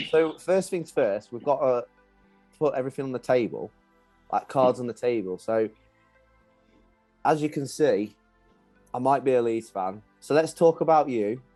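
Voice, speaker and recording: A podcast host chats in an upbeat, matey way, his mid-range voice somewhat dark in tone. Having grown up in Lincolnshire, England, he speaks with a mix of Midlands and Yorkshire accents in casual conversation.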